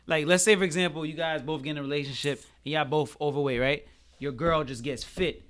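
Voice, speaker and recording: Quick, bright-voiced man co-hosting a podcast. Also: on the high side, steady tone. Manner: earnest, keeps asking "you know what I mean". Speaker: podcast co-host. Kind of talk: casual group chat.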